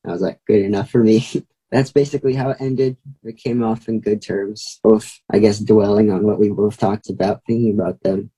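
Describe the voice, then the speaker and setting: A man's voice: fairly low pitch, steady tone, moderate pace, mellow, husky, rough recording. A young man telling a story as a guest, chatty, with many fillers. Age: young adult. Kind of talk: casual storytelling.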